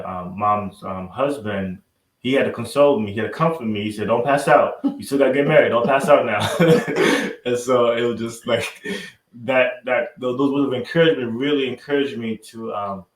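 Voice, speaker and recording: A young man hosting a casual interview with his parents, soft-spoken and halting. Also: mid-range voice, reverberant, rough recording.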